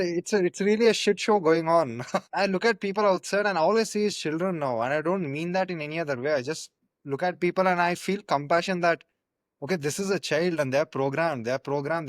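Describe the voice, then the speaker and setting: A man's voice: a little high, brisk, dry recording. A man hosting a podcast and reflecting in conversation, thoughtful and philosophical, sometimes searching for words. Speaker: podcast host.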